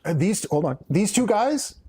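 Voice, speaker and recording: A man co-hosting a live stream in a loose, joking chat. His voice sits a little high and swings widely in pitch as he talks with wry, self-deprecating humor. A faint hiss runs underneath. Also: sing-song, normal speed, warm tone. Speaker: co-host.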